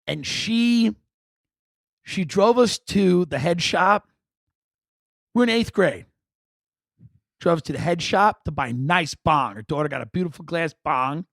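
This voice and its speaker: Male podcast host, rambling comic storyteller, wry and animated, slightly high voice. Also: unhurried, vocal fry, pauses often, no room sound, studio quality.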